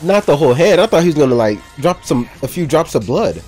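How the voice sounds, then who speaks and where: A man's voice: on the high side, big pitch swings, quick pace, a little mellow, faint music behind. A young man casually reacting to a movie, talking in loose slang, cursing and laughing a lot.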